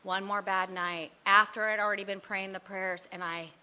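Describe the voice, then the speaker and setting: A woman's voice: medium pitch, flat delivery, moderate pace, bright, forceful tone, clear, resonant tone. A woman telling her own recovery story at a meeting, candid and rambling, mocking herself and leaning on "you know" and "like". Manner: frequent fillers like "you know" and "like". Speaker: speaker sharing at a recovery meeting.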